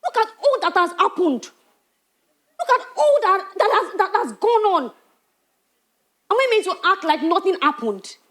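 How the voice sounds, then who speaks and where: Actress as a hurt young wife, very high lively voice, reproachful. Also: female voice, moderate pace, pauses often, heavily acted. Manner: reproachful, emotional. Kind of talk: church stage drama.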